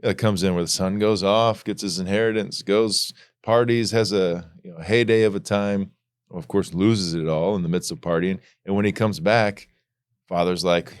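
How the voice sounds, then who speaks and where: Middle-aged guy, lowish voice, chatty storyteller, dry close sound. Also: normal speed, clean tone, no room sound. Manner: storytelling, animated when retelling. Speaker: podcast co-host. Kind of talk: casual faith discussion.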